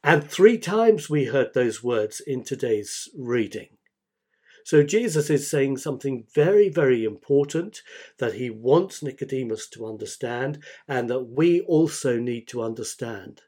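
A male pastor delivers a sermon at an unhurried, measured pace. His pitch sits in an ordinary middle range. He leans on repetition to drive each point home. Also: animated, a little mellow, husky. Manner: slow, deliberate preaching with repeated emphasis.

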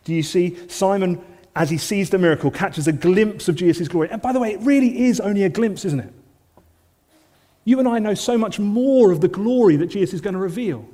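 A man preaching a sermon in an earnest manner, often dropping to soft, intense lines. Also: sits high, a little fast, in a large hall.

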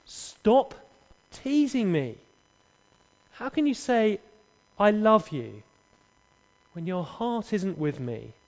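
Wheedling young temptress, done by a preacher, lilting high, slow delivery, dull echoey hall. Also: male voice, sing-song, heavily acted. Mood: accusing. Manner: wheedling, teasing, pleading. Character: coaxing, scheming young woman temptress.

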